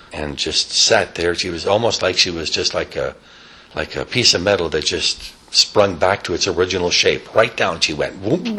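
A man telling a rambling, improvised story, animated, with sound effects and casual asides. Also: sits low, husky.

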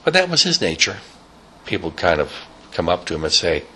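A man telling a rambling, improvised story, animated, with sound effects and casual asides. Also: low voice, a little fast, slight background noise.

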